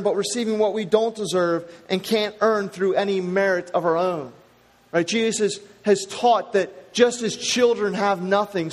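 Male pastor, high voice, emphatic sermon delivery; sanctuary reverb. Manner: emphatic, repeats key phrases.

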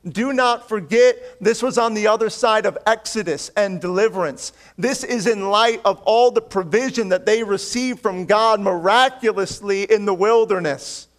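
Calling the congregation his friends, this preacher pleads earnestly, rising into forceful statements before dropping to soft, low asides. He keeps a moderate pace with hardly any pauses.

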